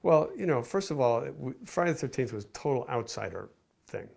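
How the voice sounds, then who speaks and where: Gravelly older male filmmaker reminiscing. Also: medium pitch, animated, fairly quick, a little mellow. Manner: rambling, with many restarts and fillers. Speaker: film director and producer. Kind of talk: casual interview recollection.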